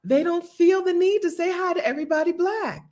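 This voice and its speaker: A woman's voice: extremely high pitch, fairly quick. An American woman telling travel stories in casual chat to viewers, chatty and often laughing. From United States. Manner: chatty, laughing, animated storytelling. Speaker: travel vlogger. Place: Bogota.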